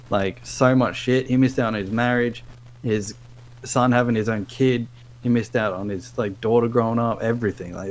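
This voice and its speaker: A man's voice: mid-range voice, rough recording. A young man chatting casually as a podcast guest, rambling emotionally with lots of fillers. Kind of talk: casual chat.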